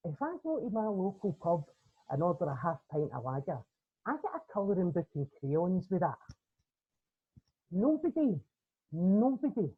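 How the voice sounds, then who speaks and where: A woman's voice: on the low side, breathy edge. A Scottish woman with a Glaswegian accent doing a punchy stand-up routine, chatty and full of asides. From Scotland. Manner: punchy, conversational storytelling with tag questions. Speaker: comedian guest. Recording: tinny phone-like line.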